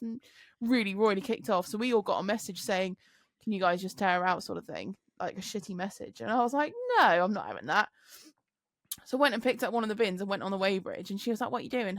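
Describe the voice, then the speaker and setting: A young woman chatting on a podcast, sweary and animated, often jumping into higher voices to mimic the people she talks about. Her voice sits at an ordinary middle pitch. The sound is dry and close, with no room around it. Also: dry recording. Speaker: podcast co-host, truck driver. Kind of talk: casual chat, storytelling.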